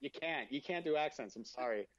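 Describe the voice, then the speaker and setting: A man's voice: medium pitch, lively intonation, a little fast, lo-fi sound. A man co-hosting a podcast, ranting and teasing his friends in casual banter, often repeating himself. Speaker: podcast co-host.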